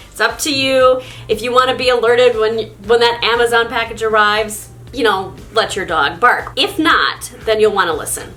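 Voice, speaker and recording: A woman's voice: fairly high pitch, pushed and bright. A woman hosting a casual how-to video on dog training, chatty and upbeat in a conversational way. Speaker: dog owner and video host. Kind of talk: casual instructional vlog.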